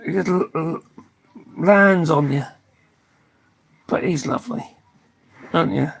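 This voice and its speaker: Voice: medium pitch, slow, vocal fry, poor audio. An older speaker chatting casually on a live stream, tired and losing their voice, swearing freely and laughing often.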